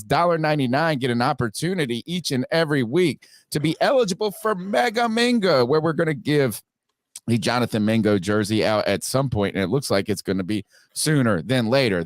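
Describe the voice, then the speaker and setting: A man hosting a sports podcast, upbeat and quick with his plugs. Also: medium pitch, lively intonation, no echo. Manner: upbeat, promotional, rapid plugs. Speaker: podcast host. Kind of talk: casual sports podcast talk.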